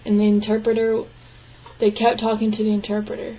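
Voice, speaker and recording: A young woman interpreting a signed interview into spoken English, speaking in short, halting phrases with restarts and frequent throat clearing. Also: mid-range voice, monotone, dark tone, poor audio. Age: young adult. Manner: clears her throat often. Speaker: sign language interpreting student.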